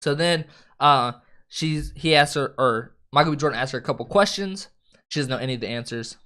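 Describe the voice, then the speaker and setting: Animated man retelling a film. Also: medium pitch, brisk. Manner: animated retelling, acts out quoted lines; swears casually, laughs often. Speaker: co-host reviewing a film. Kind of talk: casual chat.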